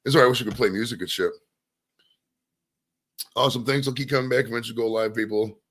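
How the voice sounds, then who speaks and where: A man's voice: medium pitch, quick pace, a bit bright, slightly rough. A man from Maine hosting his own stream, rambling casually with lots of swearing. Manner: rambling, profane, loose and conversational. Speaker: streamer and show host. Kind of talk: casual solo stream chat.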